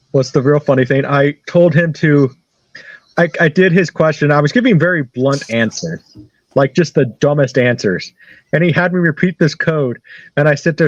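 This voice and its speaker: A man's voice: a little high, dry recording. A man telling casual stories as an interview guest, rambling, repeating phrases and laughing at his own tales. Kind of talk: casual storytelling. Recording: dull lo-fi dry recording.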